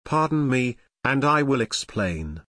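A man reading the lines of a shrewd, calm older banker in a measured, courteous way. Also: medium pitch, dry recording, clean studio sound. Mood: respectful.

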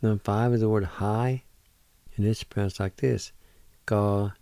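A man hosting a radio language lesson, spelling words out and pronouncing each one slowly, syllable by syllable, in a patient, encouraging way. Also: on the low side, fairly even intonation, gravelly, mellow, no room sound. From Oklahoma, United States. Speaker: language teacher on a radio show. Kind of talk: slow spelling and pronunciation lesson.

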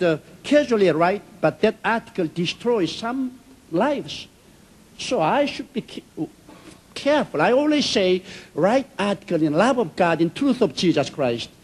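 A man preaches with a husky, breathy voice that sits high. His intonation swings widely as he tells stories with emphasis. His English phrasing is simple and non-native. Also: very animated, unhurried, darkish tone, poor audio. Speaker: pastor. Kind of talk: sermon.

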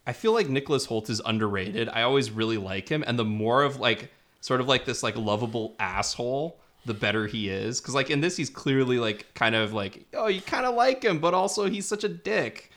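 A young man co-hosts a podcast, chatting casually about a film with a mid-range, fairly bright voice. He rambles, laughs often, and tosses in quick asides.

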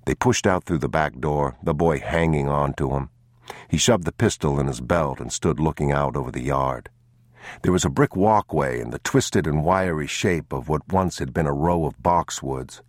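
A man narrating an audiobook in a grave, measured, somber manner. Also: extremely low pitch, no room sound, clean studio sound. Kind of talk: scripted narration.

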